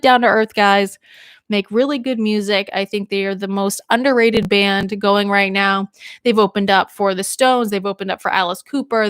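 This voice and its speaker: A woman's voice: mid-range voice, a bit bright, clean tone, dry recording, studio quality. A young woman from Maine, a radio DJ, rambling casually on a livestream while a little tipsy from drinking. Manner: chatty and rambling, laughs often.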